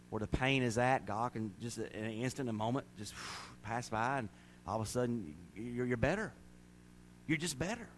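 A man preaching a sermon as pastor, folksy and conversational, then building to shouted, drawn-out preaching. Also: medium pitch, slight background noise.

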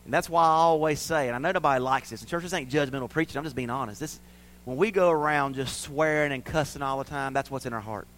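A man preaching a sermon as pastor, impassioned and folksy, dropping from loud declarations to hushed passages. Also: medium pitch, fast, slight background noise. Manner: impassioned, swings between loud declarations and hushed, quiet stretches; folksy and plainspoken.

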